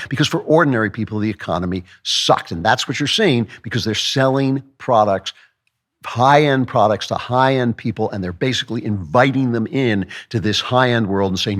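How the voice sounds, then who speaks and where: A man's voice: mid-range voice, normal speed, fairly bright tone. A male host delivering a sarcastic, emphatic political opinion monologue with mocking asides.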